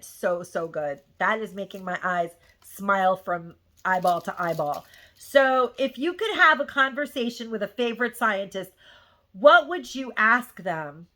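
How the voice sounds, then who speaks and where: A woman's voice: fairly high pitch, pushed and bright. A middle-aged woman vlogger chatting casually through a haul, gushing and rambling with plenty of "like" and "um".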